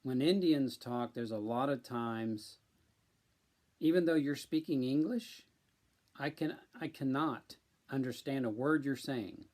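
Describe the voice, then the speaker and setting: A man from central Illinois, chatting casually on a live stream and speaking slowly and deliberately with many ums. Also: mid-range voice, a little mellow. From central Illinois, USA.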